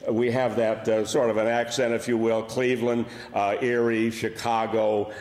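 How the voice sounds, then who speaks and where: Older Buffalo comedian in an echoey hall. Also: male voice, medium pitch, flat delivery, moderate pace, darkish tone. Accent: Buffalo, New York. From Buffalo, New York. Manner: wry, anecdotal, with dry punchlines. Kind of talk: humorous storytelling talk. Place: large church hall. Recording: echoey hall with long reverb.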